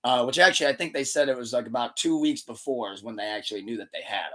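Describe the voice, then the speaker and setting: Male podcast host, tense bright tone, animated retelling, casual and profane. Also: medium pitch, fast. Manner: loose, rambling, swears freely; animated retelling with acted-out quotes. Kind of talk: casual chat.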